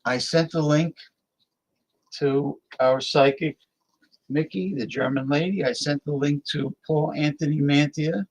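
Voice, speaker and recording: A man's voice: a little high, steady tone, a little slow, low-quality recording. A man hosting a live-stream talk show, rambling casually and muttering to himself as he invites guests.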